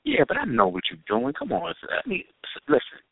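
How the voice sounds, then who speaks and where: A man's voice: high-pitched, wildly swooping pitch, a little fast, vocal fry, husky, no echo. A man co-hosting a casual talk show, joking and boasting in crude banter. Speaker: co-host. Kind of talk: casual chat. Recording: dry, tinny phone-like sound.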